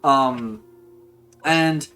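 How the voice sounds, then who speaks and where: A woman narrating as game master of a tabletop game, rambling and animated with many fillers. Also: very deep voice, extremely slow, smooth, soft background music.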